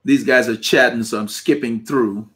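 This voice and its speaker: A man's voice: medium pitch, fairly even intonation, moderate pace, fairly bright tone. A middle-aged man from Texas hosts a cycling channel's live stream, reading viewer comments in a rambling, conversational way and chuckling often.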